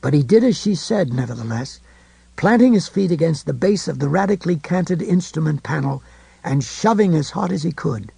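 Guy reading an audiobook, gravelly and kinda husky, higher voice, dry close sound. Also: mellow. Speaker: audiobook narrator. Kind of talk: scripted narration of a novel.

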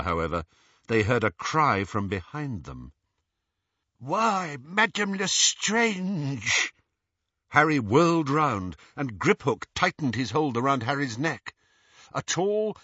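A man reading a novel aloud as an audiobook narrator, with an expressive delivery. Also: medium pitch, no echo, muffled recording.

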